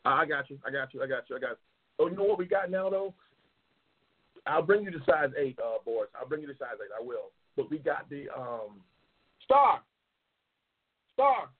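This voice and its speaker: A man hosting a casual talk show who reads out race matchups, loud, profane and excitable, sometimes yelling. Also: mid-range voice, fast, husky. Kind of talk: casual livestream chat, reading race matchups. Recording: tinny phone-like sound.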